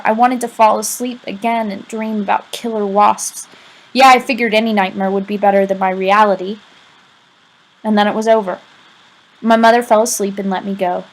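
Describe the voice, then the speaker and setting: A woman's voice: mid-range voice, low-quality recording. Woman narrating a novel conversationally. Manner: conversational, confiding asides. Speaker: audiobook reader. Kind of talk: first-person novel narration read aloud.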